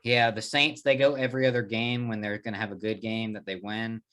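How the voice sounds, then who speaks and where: A man hosting a casual sports podcast, leading the picks with quick, teasing banter. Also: fairly low pitch, flat delivery, fairly bright tone, slight background noise. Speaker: podcast host.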